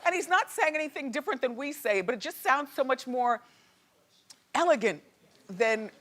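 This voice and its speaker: A woman hosting a talk show, delivering an animated, sassy celebrity gossip monologue. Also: high-pitched, normal speed.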